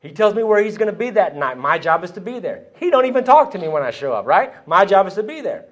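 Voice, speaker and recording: Animated storytelling man, slightly high voice. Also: quick pace, highs cut off. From Texas. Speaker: AA speaker sharing his story. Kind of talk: storytelling talk at a conference. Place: church hall.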